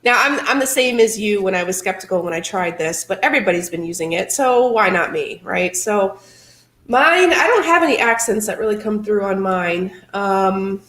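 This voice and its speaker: A woman's voice: medium pitch, lively intonation, moderate pace, fairly bright tone, echoey room, rough recording. A woman hosting a paranormal channel, chatting casually and upbeat, often breaking into laughter. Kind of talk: casual chat.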